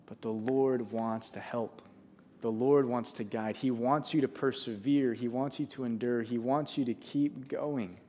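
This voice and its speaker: A man's voice: mid-range voice, normal speed, darkish tone, a little hiss or hum. A man preaching a sermon, earnest and conversational, often restarting his sentences. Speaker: pastor.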